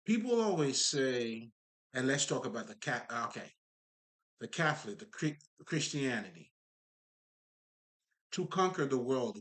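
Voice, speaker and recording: This spiritual talker is a man with a medium-pitched, fairly bright voice. His monologue is casual and spiritual, emphatic and profane, rambling along with many fillers and asides to his listeners.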